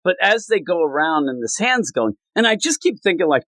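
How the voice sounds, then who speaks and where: A man on a podcast mic, chatting casually about comics. His pitch sits a little high and swings widely as he slips into comic voices for the characters. The sound is dry and close, with no room around it. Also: very animated, fairly quick, fairly bright tone, dry recording. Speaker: podcast host reviewing comics. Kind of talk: casual comic book chat.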